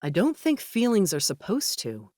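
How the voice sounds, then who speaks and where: A woman voicing a kind, easygoing young man who speaks gently and reassuringly. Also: medium pitch, wildly swooping pitch, moderate pace, no echo, clean studio sound, voice pushed up. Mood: gentle.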